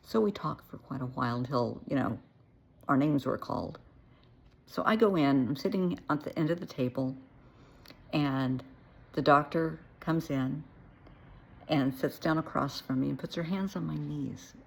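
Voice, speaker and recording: A woman's voice: low voice, normal speed, creaky, pauses often, breathy edge. A woman who works as a therapist, telling her own story in a frank, blunt way with dry asides. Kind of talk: personal storytelling to camera.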